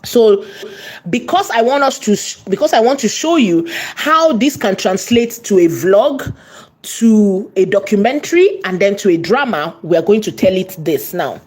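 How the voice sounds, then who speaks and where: A woman teaching an online course, repeating and stressing key words and slowing down as she dictates. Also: medium pitch, lively intonation, a little mellow, husky. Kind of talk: tutorial lesson.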